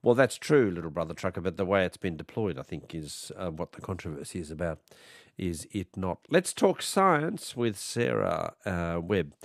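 A man hosting an evening radio talk show, his voice husky and a bit hoarse, chatty and hesitant with many restarts. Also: low voice, sing-song, moderate pace, no room sound, clean studio sound. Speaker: radio host.

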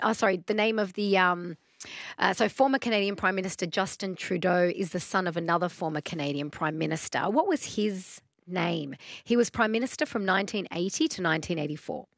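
A woman's voice: mid-range voice, fairly quick, no echo, studio quality. A woman hosting talkback radio, friendly and upbeat, laughing easily with callers. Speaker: radio host.

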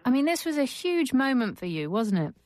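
A woman presenting and narrating a radio documentary and interviewing its guest, with a measured, composed delivery. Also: high-pitched, sing-song, a little mellow, dry recording.

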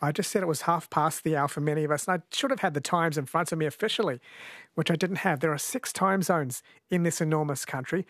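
A man's voice: on the high side, fast, fairly bright tone, no room sound, studio quality. A man from New Zealand hosting a radio talk show, chatty and asking long questions. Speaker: radio host.

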